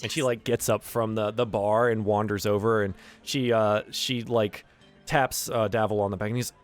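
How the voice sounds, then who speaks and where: A man's voice: fairly low pitch, steady tone, normal speed, soft background music. A man narrating a tabletop game as game master, casual and loose with many filler words.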